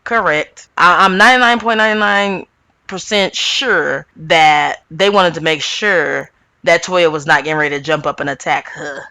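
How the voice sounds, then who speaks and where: Her creaky voice leaps up in pitch without warning as this woman host rants animatedly through a casual, opinionated reality show recap. The recording is dry.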